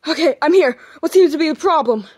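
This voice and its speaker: A man's voice: very high-pitched, expressive, fast talker. A man playing a bumbling, flustered cop. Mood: hesitant. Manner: hesitant, full of ums, flustered. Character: bumbling, jumpy police officer. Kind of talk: puppet fan video voice acting.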